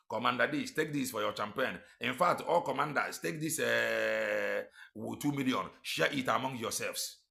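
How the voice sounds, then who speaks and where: A man's voice: mid-range voice, creaky, pushed and bright. A man with a Nigerian accent giving mocking, emphatic commentary, switching between Igbo and English and repeating phrases for effect. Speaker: commentator reacting to a played recording.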